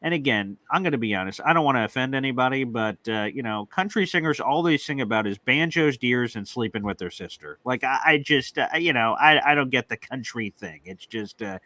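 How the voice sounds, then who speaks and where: A man's voice: medium pitch, lively intonation, a little fast, few pauses, pushed and bright, dry recording. A man hosting a casual sports talk livestream, rambling and opinionated with lots of fillers. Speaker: host.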